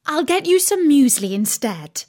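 A woman voicing a bossy, brisk mother who scolds her children. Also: sits high, big pitch swings, a little mellow, pitched above the performer's own voice. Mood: scolding. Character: bossy busy mother, no-nonsense.

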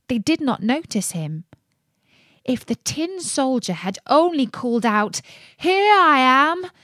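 Slow expressive woman reading a fairy tale. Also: mid-range voice, no room sound, studio quality. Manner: expressive, dramatic. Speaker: storyteller. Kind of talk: fairy tale read aloud.

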